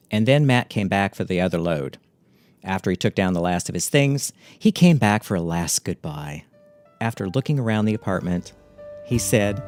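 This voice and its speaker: A middle-aged man telling a memoir story in a wry, catty, deadpan way. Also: lowish voice, no room sound.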